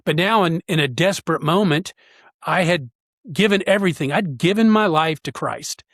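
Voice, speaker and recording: A man, a podcast guest, telling a personal story in an earnest, halting way with frequent pauses. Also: a little high, fairly bright tone, no room sound, clean studio sound.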